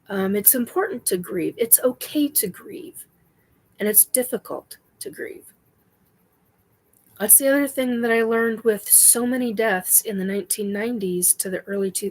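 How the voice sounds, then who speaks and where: A middle-aged woman hosting a spiritual livestream chat, talking in a halting way with many ums and self-corrections while she answers viewer questions. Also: mid-range voice, low-quality recording.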